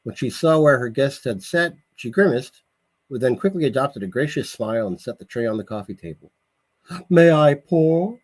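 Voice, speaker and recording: A man, the author, reading his novel aloud in a measured way, with a husky voice and occasional self-corrections. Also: mid-range voice.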